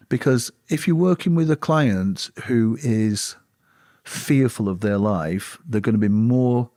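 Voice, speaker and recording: A man, a former bodyguard, recalling his work in a casual interview, talking in halting bursts with fillers and restarts. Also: lowish voice, darkish tone, no room sound, clean studio sound. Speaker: former royal bodyguard and author.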